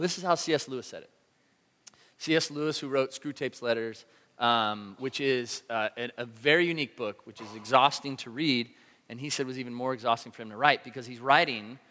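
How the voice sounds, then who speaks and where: Animated pastor in a reverberant hall. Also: male voice, mid-range voice. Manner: animated storytelling, acting out his own shouts. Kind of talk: sermon.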